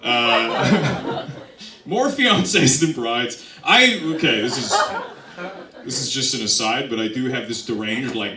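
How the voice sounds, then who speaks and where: A man's voice: mid-range voice, very animated, takes it slowly, long pauses, crowd noise. Self-deprecating man doing stand-up in a roomy club. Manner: self-deprecating, rambling with restarts. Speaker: stand-up comedian. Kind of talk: stand-up comedy set. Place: comedy club stage. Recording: roomy club sound from a distance. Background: audience laughter.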